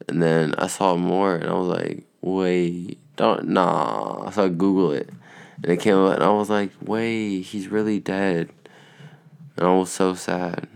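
A man's voice: sits low, creaky, clean tone. A young man in casual, rambling vlog chat, laid-back and profane, sounding tired. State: tired, yawning. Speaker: vlogger.

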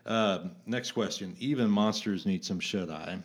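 A man with a very low, deep voice, co-hosting a podcast in casual chat. He reads out a quiz with playful, chuckling asides and the odd deadpan line. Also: unhurried. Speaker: podcast co-host.

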